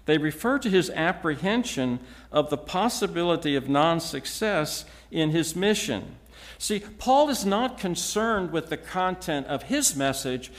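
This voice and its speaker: Guy preaching a sermon, kinda high voice, slow and careful, emphatic. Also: sing-song. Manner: measured, emphatic teaching with frequent restarts. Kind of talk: expository sermon.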